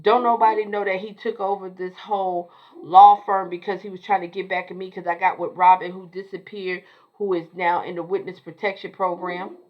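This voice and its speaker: A woman's voice: on the low side, flat delivery, moderate pace, dull audio, close to an everyday voice. A woman voicing a nervous female lawyer who defensively brushes off her secrets.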